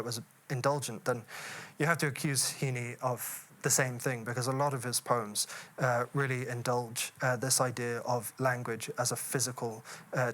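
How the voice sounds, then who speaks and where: A man delivers a literary lecture in a clear, bright tone. He talks in a measured, reflective way, dotted with "uh" fillers. He lingers slowly over the words he quotes. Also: medium pitch. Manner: measured and thoughtful, with frequent "uh" fillers; slows down to savour quoted words. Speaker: poet giving a memorial lecture. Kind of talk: academic lecture with poetry reading.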